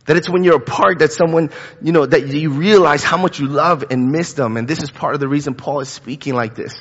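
A man in his thirties preaches in a church sanctuary, his voice a little high, fairly quick and fairly bright. The sermon is casual and conversational, with lots of fillers and repeated words. Sound quality is dull and lo-fi, trailing long hall reverb.

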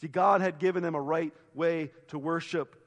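A man preaching a sermon as pastor, retelling a story with expressive quoted voices and quiet reflective turns. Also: on the high side, normal speed, in a large hall. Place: church sanctuary.

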